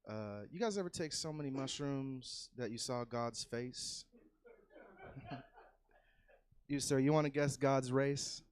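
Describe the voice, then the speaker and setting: A man doing a loose, profane stand-up set on a comedy club stage, swinging from easy chatter into loud yelled bits. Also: medium pitch, slow pace, long pauses, smooth. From California.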